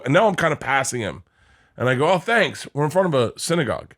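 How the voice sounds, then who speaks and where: A man's voice: a little high, big pitch swings, fast, a bit bright. Middle-aged male host, loose rambling storyteller, salty language, frequent laughter. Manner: rambling storyteller, swears freely, laughs often. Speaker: podcast co-host. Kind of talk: casual chat.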